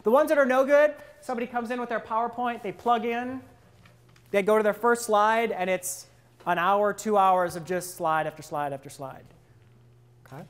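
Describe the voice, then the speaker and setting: Here a man coaches presentation skills in front of a live group, asking them questions and playing out distracted listeners' inner thoughts in a deeper voice. He speaks at a normal speed and sounds a bit bright.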